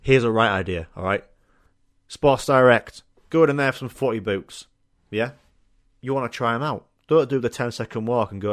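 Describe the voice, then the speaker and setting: Young lad rambling and swearing. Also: male voice, medium pitch, normal speed, no echo, clean studio sound. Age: young adult. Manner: rambling, swearing, laughing, acting out voices of people in his stories. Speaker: podcast host. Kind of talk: casual comic monologue.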